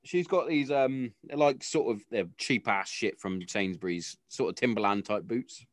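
A man's voice: mid-range voice, normal speed, no echo, studio quality. A young British man telling a blunt, sweary story in casual chat.

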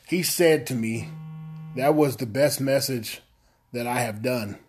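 A man hosting a podcast in casual chat, talking in a subdued, low-energy monotone and rambling a little with self-deprecating asides. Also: unhurried, slight background noise. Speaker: podcast host.

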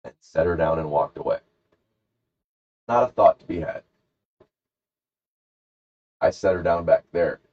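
A man's voice: low voice, measured pace, pauses often, dull audio. A man hosting a podcast, casually telling a rambling, jokey story and acting out the characters. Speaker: podcast host.

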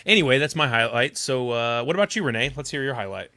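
A man co-hosting a podcast in relaxed, rambling chat, laughing often. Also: mid-range voice, fast talker. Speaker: podcast co-host and voice actor.

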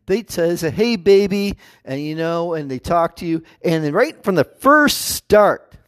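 A man's voice: fairly high pitch, big pitch swings, measured pace, fairly bright tone, smooth, no echo. Rambling man vlogging in a dry room. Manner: rambling, with many restarts and acted-out quotes. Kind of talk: casual monologue to camera.

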